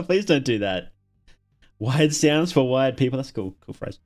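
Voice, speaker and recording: A man's voice: medium pitch, expressive, normal speed, darkish tone, soft background music. An Australian man hosting a casual livestream, reacting to videos and chatting with viewers, often chuckling and repeating words as he thinks.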